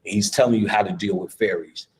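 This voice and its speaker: Profane, rambling low-voiced man lecturing. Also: steady tone, fast talker, darkish tone, low-quality recording. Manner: profane, rambling, laughs often. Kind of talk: live lecture, casual.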